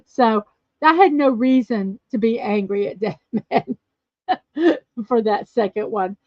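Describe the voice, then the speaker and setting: A woman hosting a casual livestream chat show, chatty and quick to laugh as she tells stories and answers viewer comments. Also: fairly high pitch, no echo. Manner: chatty, laughs often, storytelling. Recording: dull lo-fi dry sound.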